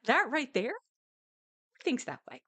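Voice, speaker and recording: A woman's voice: sits high, wildly swooping pitch, takes it slowly, bright, forceful tone, dry recording. A woman streaming a live reaction, ranting angrily and swearing, with bursts of laughter.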